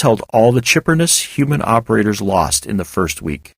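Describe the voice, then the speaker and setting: Husky low-voiced male narrator. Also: very animated, dry recording. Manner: measured, reflective storytelling. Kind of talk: first-person fiction narration.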